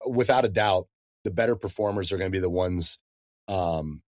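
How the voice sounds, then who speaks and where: A man in his thirties, a fitness coach talking in a casual podcast interview, animated and slangy, calling people dude and man. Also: low voice, moderate pace, no echo, clean studio sound.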